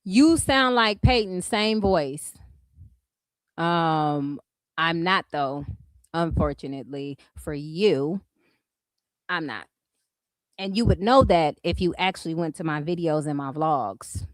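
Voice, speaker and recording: A woman's voice: low-pitched, measured pace, dry recording. Sassy, blunt Californian woman ranting. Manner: blunt, profane and sassy, addressing viewers as "y'all". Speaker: commentary streamer. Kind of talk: casual commentary rant.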